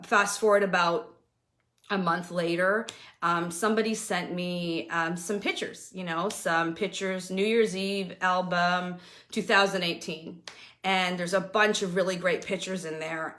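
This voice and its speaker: A woman's voice: lowish voice, a bit bright. Candid woman telling her own story. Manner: candid, storytelling, acts out quoted voices. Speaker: host. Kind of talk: personal motivational talk.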